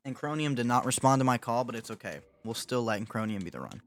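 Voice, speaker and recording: A man's voice: medium pitch, animated, fast talker, dry recording, soft background music. Young man streaming, joking with chat. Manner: joking, dramatic mock apologies to chat. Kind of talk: casual livestream chat while gaming.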